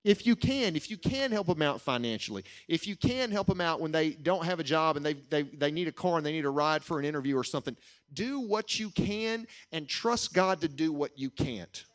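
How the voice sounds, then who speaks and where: A middle-aged man preaching a sermon, telling a personal story in an earnest way and slowing down to stress key lines. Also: on the high side, expressive.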